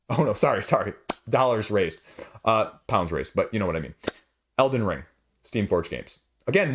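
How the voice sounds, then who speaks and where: A man hosting a board game channel, ranting casually to camera in a passionate, emphatic way, his voice jumping when he gets worked up. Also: on the high side. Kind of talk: casual opinion rant to camera.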